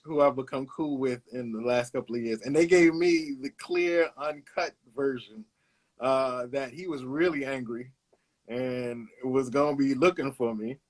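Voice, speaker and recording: A man's voice: mid-range voice, measured pace. Laid-back Brooklyn man telling stories. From Brooklyn, New York. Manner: laid-back, anecdotal, hesitates with "uh", laughs along. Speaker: guest, illustrator. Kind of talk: casual storytelling interview.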